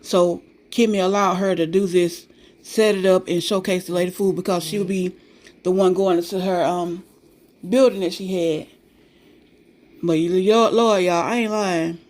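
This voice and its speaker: Sassy woman recapping reality TV. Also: mid-range voice. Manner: sassy, animated, talks straight to viewers with slang. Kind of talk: casual opinionated recap commentary.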